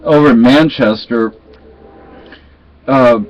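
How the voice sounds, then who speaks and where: A man's voice: mid-range voice, takes it slowly. A man telling a story to his viewers in a casual, digressive way, stopping to correct himself. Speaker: vlogger. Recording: dull lo-fi home recording.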